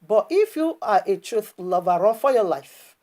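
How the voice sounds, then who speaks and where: A woman's voice: mid-range voice, very animated, moderate pace, warm tone. A woman preaching online in an impassioned, scolding commentary that is full of rhetorical questions and stammered restarts.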